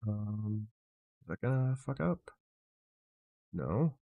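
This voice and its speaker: A man's voice: fairly low pitch, very animated, slow pace, creaky, warm tone. A man live streaming, frustrated as he fixes his setup, swearing and muttering to himself.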